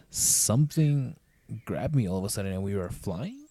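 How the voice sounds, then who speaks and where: A man dramatically reading a fan-made visual novel aloud, voicing the protagonist with expressive outbursts and frequent swearing. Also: on the low side, moderate pace, no room sound. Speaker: game reader, voicing the protagonist.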